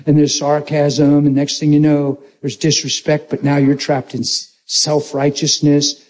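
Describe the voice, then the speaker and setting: Male pastor, high voice, animated and joking sermon storytelling. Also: measured pace, hardly any pauses.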